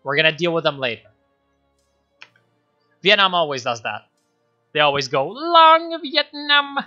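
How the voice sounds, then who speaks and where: A man streaming a strategy game, excitable, swearing and laughing as he comments on his moves. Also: medium pitch, muffled recording.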